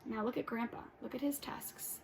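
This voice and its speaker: Woman teacher, story lesson, encouraging, high-pitched, faint hiss. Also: steady tone, creaky, darkish tone. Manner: encouraging, pausing to prompt children. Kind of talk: reading a story aloud to students.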